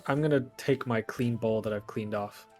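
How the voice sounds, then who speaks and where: A man's voice: on the low side, moderate pace, darkish tone, soft background music. A man playing a tabletop game, describing his character's actions in a loose, rambling way. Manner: rambling, lots of fillers. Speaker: player. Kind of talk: casual tabletop game narration.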